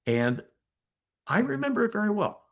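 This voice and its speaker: An older man, a physician and energy healer, telling a story as a podcast guest in an animated, emphatic way with asides to the listener. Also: high voice, normal speed, gravelly. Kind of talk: conversational storytelling in an interview.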